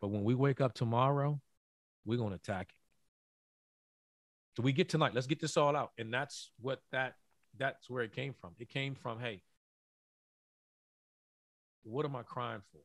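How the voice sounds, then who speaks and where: A former college basketball player, now middle-aged, gives a podcast interview in a mid-range voice with no room sound. His earnest story comes out in halting bits, with words often repeated.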